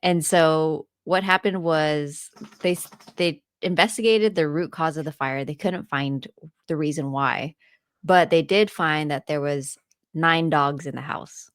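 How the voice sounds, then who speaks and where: A woman's voice: sits low, a little slow, no echo, clean studio sound. A woman co-hosting a podcast, telling a story in casual chat and laughing often as she retells it. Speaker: podcast co-host and landlord.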